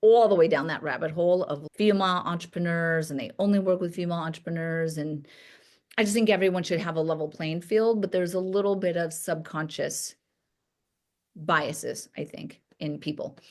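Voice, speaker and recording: A woman's voice: on the low side, brisk, a little mellow. A woman speaking as a podcast guest, a doctor and company founder, talking openly and emotionally in a reflective way. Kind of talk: candid podcast conversation.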